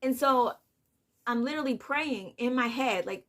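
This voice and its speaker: A young woman and mother talking softly and haltingly in a personal vlog, holding back tears, with many fillers. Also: fairly high pitch, a little hiss or hum. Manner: soft, hesitant, many "like" fillers, on the edge of tears. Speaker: vlogger, mother of two.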